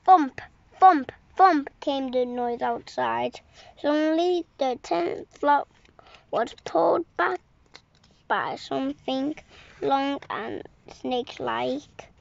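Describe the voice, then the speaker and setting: A woman reading a picture book aloud slowly at bedtime, sometimes slipping and correcting herself. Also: high-pitched, animated, vocal fry. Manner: slow, unhurried reading with occasional slips and corrections. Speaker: storyteller. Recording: dull lo-fi home recording.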